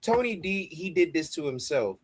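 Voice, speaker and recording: Male co-host, animated recap voice, casual and profane. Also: a little high, moderate pace, breathy edge. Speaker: podcast co-host.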